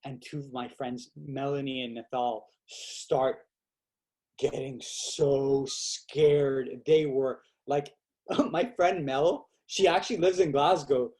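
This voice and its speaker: A young man as a podcast guest, telling stories in a lively, casual way and acting out quotes, with lots of "like" fillers. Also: medium pitch, unhurried. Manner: animated, acts out quotes with fillers like "like". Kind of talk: casual storytelling chat.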